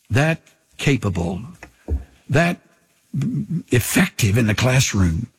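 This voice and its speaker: Husky-voiced man preaching a sermon. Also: medium pitch. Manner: earnest, slows to linger on key phrases, drops to a hush. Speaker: pastor.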